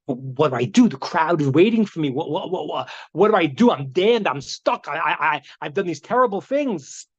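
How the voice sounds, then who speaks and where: A man's voice: on the high side, expressive, a little fast, hardly any pauses, slightly rough. A man voicing a panicked, guilt-stricken bishop who stammers and repeats himself frantically, over dull video-call audio.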